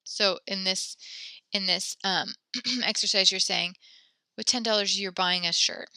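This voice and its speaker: A woman teaching a French class over a video call, patient and encouraging, reading sentences slowly and praising her students. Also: mid-range voice, fairly even intonation, bright, forceful tone, smooth, dry recording.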